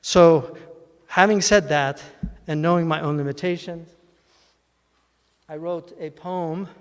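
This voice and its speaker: A man giving a lecture as a college president, reciting verse in a measured, solemn way. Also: a little high, steady tone, clean tone. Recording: long hall reverb.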